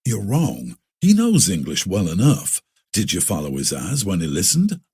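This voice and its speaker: A knowing, seasoned frontiersman, read by a man in a lowish, husky voice that moves up and down a lot. He sounds confiding as he explains. The recording is close and dry. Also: huge pitch swings, moderate pace, dark tone, exaggerated voice.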